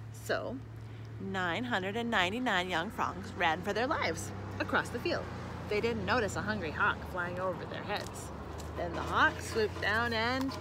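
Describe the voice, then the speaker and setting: A woman reading a children's picture book aloud with slow, expressive storytelling, with background noise. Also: mid-range voice. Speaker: storybook reader.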